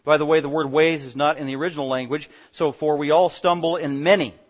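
Fast-talking animated preacher man. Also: fairly high pitch. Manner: animated, fast-talking, swings between loud emphasis and quiet asides. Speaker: pastor. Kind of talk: expository sermon. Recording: dull lo-fi sound.

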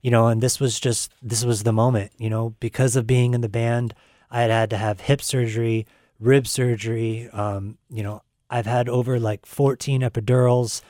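An earnest young man talks on a live call-in show, stopping often with fillers as he gathers his thoughts. His voice sits at a middling pitch. The sound is dry and close. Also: level tone, mellow, dry recording. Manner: earnest, halting with many fillers. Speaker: guest musician. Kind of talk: casual live radio talk.

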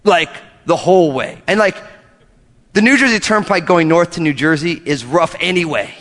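A male pastor preaching a sermon in a church, an animated storyteller who jokes with his congregation. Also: fairly high pitch, normal speed, big-room sound. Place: church hall.

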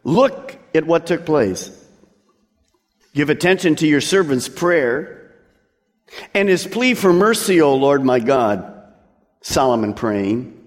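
A man's voice: a little high, lively intonation, slow, long pauses. A man preaching a sermon as pastor, emphatic and drawing out key words for weight. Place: church sanctuary. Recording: long hall reverb from a church.

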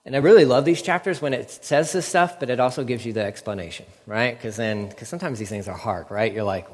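A man's voice: medium pitch, fairly quick, few pauses, big-room sound. A man preaching a casual, conversational sermon and acting out what people say in shifting voices. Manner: conversational, acts out quotes in varied voices. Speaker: pastor.

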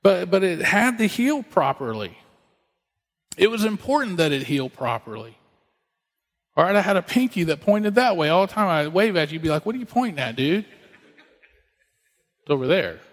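A man's voice: fairly high pitch, very animated, normal speed, long pauses, long reverb tail. A man in his thirties preaching a sermon as a pastor, conversational with joking asides.

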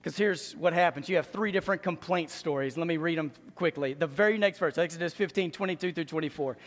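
A pastor preaching a lively sermon with joking asides, often acting out other people's voices. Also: male voice, fairly high pitch, fast. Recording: long hall reverb.

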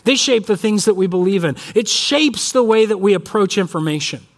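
A male pastor preaching in a loose, conversational way, leaning on fillers and restarts. His speaking voice sits fairly high for a man, and he moves between prayer and storytelling. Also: expressive, moderate pace. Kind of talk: sermon with storytelling.

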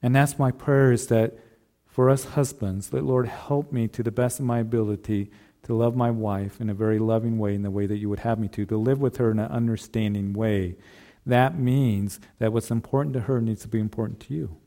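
A man's voice: lowish voice, steady tone, fairly quick, warm tone. A man preaching a sermon, speaking earnestly and repeating phrases as he addresses the husbands in the congregation. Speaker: pastor.

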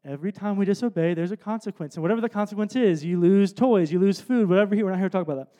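A man in his thirties preaching a sermon from a stage, telling a family story with soft asides and loud emphatic bursts. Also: sits high, rapid-fire. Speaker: pastor. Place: stage before a congregation.

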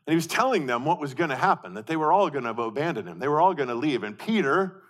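A man preaching a sermon, asking rhetorical questions and swinging from forceful emphasis to hushed intensity, often repeating and restarting his phrases. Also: a little high, animated, fast. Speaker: pastor.

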